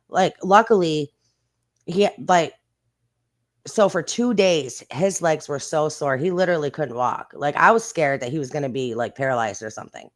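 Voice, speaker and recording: Blunt, rambling woman streamer chatting casually. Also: low-pitched. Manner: rambling and blunt, swears freely, with quick bursts. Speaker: streamer and channel host. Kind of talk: casual live-stream chat.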